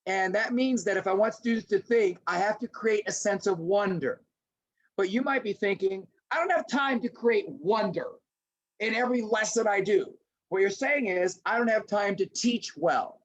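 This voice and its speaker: A middle-aged man presenting a lively webinar lecture to teachers, acting out little scenes as he goes. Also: high-pitched, normal speed. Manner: animated, acts out little scenes in voices. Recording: dull lo-fi webinar audio.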